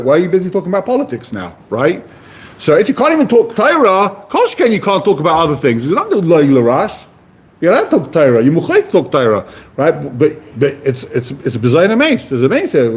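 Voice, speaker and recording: A man with a Yeshivish English accent teaching a Talmud class, casual and animated, often asking rhetorical questions. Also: fairly high pitch, breathy edge. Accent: Yeshivish English with Hebrew-Aramaic terms.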